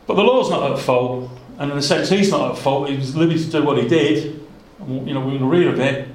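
Earnest preacher man in an echoey hall. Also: a little high. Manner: earnest, conversational, many asides and restarts. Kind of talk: expository Bible sermon. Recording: echoey room.

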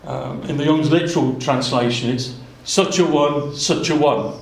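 A man's voice: fairly high pitch, measured pace, gravelly. Earnest preacher man in an echoey hall. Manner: earnest, conversational, many asides and restarts. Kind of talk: expository Bible sermon. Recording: echoey room.

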